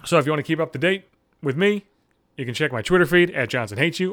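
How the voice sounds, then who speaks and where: Profane ranting man, lively pitch. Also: fast, no room sound, clean studio sound. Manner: angry, sarcastic, swears constantly, acts out both sides of conversations. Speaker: podcast host. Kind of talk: profane comedic rant.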